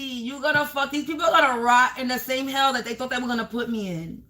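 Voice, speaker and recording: A woman hosting her own channel, ranting loudly at viewers and trolls, cursing and calling them sweetie and honey. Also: high-pitched, quick pace, few pauses. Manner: loud, yelling, cursing, confrontational. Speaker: spiritual channel host. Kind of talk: ranting livestream vlog.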